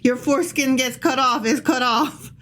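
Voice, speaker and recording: A woman's voice: high voice, normal speed, a bit bright. A woman co-hosting a podcast, mixing casual, swearing chat with reading passages aloud. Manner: chatty, swears, laughs easily, lots of likes and restarts.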